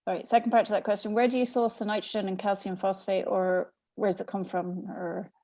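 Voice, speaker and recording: A woman's voice: medium pitch, level tone, brisk, dark tone. A woman interviewing a farmer and reading out audience questions, with short encouraging replies. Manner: brief encouraging backchannels, reads audience questions. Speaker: interviewer and Q&A moderator. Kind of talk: interview moderation.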